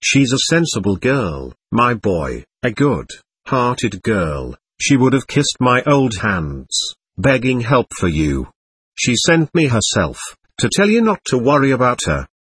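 Man doing an old police captain, fatherly, earnest, husky, dry close audiobook. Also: medium pitch, big pitch swings, takes it slowly, no echo, heavily acted. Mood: fatherly urging. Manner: warm, fatherly, earnest urging. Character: kindly older male police captain, excitable.

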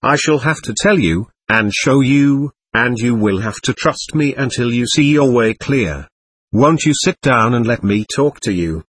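A man reading the lines of a calm, self-assured woman mystic, speaking in a deliberate, impersonal way. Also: medium pitch, breathy edge, dry recording. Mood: persuasive.

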